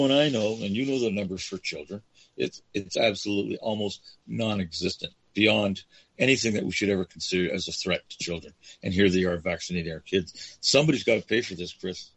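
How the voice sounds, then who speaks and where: A man's voice: on the low side, fairly bright tone, husky. A man hosting a talk radio interview, emphatic and indignant, often addressing his guest directly. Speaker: radio host.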